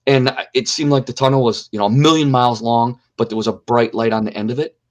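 A man's voice: mid-range voice, fairly even intonation, fast talker. A middle-aged man giving an earnest personal testimony in an interview, repeating key phrases for emphasis. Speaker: interview guest.

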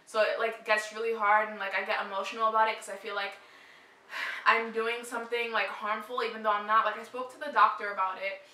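Her mid-range voice sounds pushed and bright as this pregnant twenty-something vlogger, battling morning sickness, rambles casually to camera. Fillers like "like" crop up constantly. There's a roomy echo, with the mic set at a distance.

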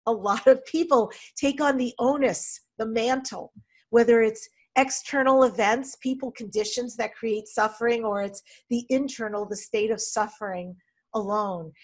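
A woman hosts a podcast interview with a voice a little higher than average. She chats easily and laughs as she sets up her questions. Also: steady tone, moderate pace. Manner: chatty and laughing. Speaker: podcast host. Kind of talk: interview hosting.

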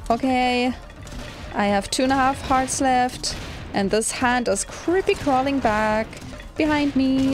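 A woman's voice: sits high, slow, soft background music. A woman giving casual let's play commentary, chatty and easily startled. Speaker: gaming channel host.

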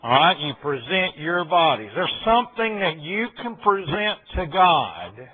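A pastor teaches a Bible class, telling stories in a folksy, conversational way. His voice sits a little high for a man. The recording is thin and tinny, like a phone line. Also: very animated, measured pace, husky. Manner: folksy storytelling, quoting conversations.

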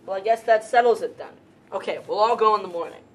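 A woman's voice: mid-range voice, fast, a little mellow, distant mic, close to an everyday voice, low-quality recording. A young woman playing a bossy boy hunter who leads the others, in an amateur school drama reading. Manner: commanding, boastful.

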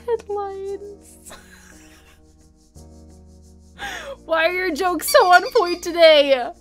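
A woman's voice: extremely high pitch, sing-song, slow pace. A woman streamer chatting casually to her live audience, reacting to jokes with laughs and exclamations. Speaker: music livestreamer. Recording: faint music behind.

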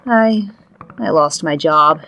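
A woman's voice: low-pitched, takes it slowly, a bit bright, muffled recording, voice pushed down, heavily acted. A woman voicing a timid husband who stammers and hesitates. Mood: meek. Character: meek, fumbling husband who lost his job.

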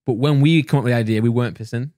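Jokey young male co-host, fast and animated, dry close mic. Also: mid-range voice, no echo. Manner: jokey, quick banter, puts on silly accents. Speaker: podcast co-host. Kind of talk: casual chat.

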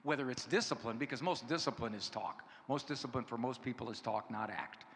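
A man's voice: medium pitch, a little fast. A man in his fifties giving a humorous talk to an audience, telling stories and acting out the dialogue. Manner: animated storytelling, acting out dialogue. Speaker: conference speaker. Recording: echoey hall with faint noise.

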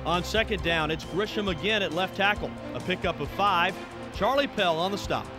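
A man narrates classic football highlights in a brisk play-by-play style. His voice sits high for a man. Loud music plays underneath him throughout. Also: expressive. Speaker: sports narrator.

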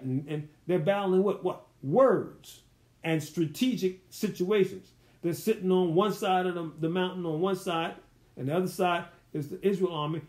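A man with a high, slightly mellow voice leads a verse-by-verse Bible study. His teaching is loose and conversational, full of colloquial phrasing and rhetorical questions for his listeners.

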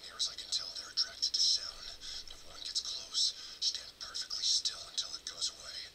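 An actor playing a tense male soldier in a game, giving hushed urgent warnings in whispered role-play. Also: moderate pace.

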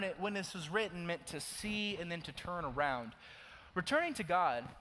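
A young preacher from Oklahoma with a high voice delivers a sermon, pushing hard and urgent in some passages and dropping to a hushed near-whisper in others. The sound carries the long tail of a church hall, with a faint hiss of noise behind him. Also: male voice. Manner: swings between loud urgent pleading and hushed near-whispered confession. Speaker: youth pastor.

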